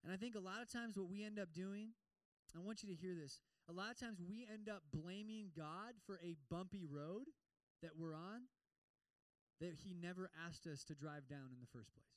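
A man's voice: high voice, normal speed, smooth, dry recording, low-quality recording. A young man preaching a conversational sermon, acting out quoted voices of God and listeners. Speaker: campus ministry preacher.

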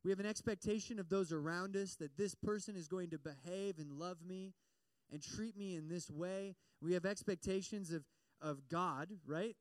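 A man's voice: sits high, smooth, no room sound. A young man giving a casual, chatty sermon with a personal story, often asking the audience questions. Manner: chatty and animated, many fillers, asks the audience questions.

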